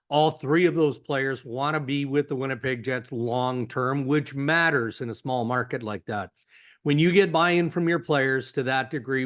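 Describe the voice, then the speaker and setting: A man with a Canadian accent, a hockey insider guest on a podcast, speaking in a measured, analytical way with frequent "you know" fillers. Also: mid-range voice. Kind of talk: podcast interview.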